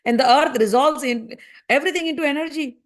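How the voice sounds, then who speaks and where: Female teacher, high pitch, spoken commentary, repeats phrases and presses rhetorical questions. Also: quick pace. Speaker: scripture teacher. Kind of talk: spoken commentary on a spiritual text.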